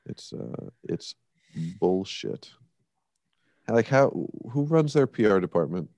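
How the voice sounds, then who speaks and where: A man's voice: fairly low pitch, wildly swooping pitch, slow, gravelly, darkish tone, dry recording. A man co-hosting a casual sports podcast, talking bluntly and emphatically, with swearing and dry sarcasm. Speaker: podcast co-host.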